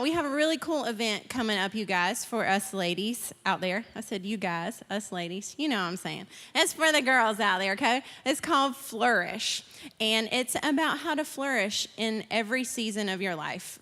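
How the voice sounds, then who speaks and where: A woman's voice: fairly high pitch, fairly bright tone. A woman hosting a church service, giving the welcome and announcements in a bubbly, casual, enthusiastic way. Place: church auditorium. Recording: long reverb of a large hall.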